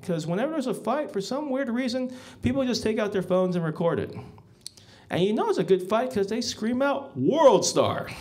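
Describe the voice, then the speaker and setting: A man's voice: high voice, animated, a little fast, a little mellow. A man doing a stand-up comedy set as emcee, rambling and self-mocking, chuckling at his own jokes.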